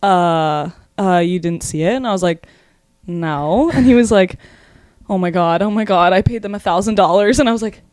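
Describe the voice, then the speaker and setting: A young woman in her twenties with a lowish voice co-hosts a podcast, recorded in the studio with no echo. She tells a wild story in casual chat, talking fast and animatedly, swearing a lot and saying "like" constantly.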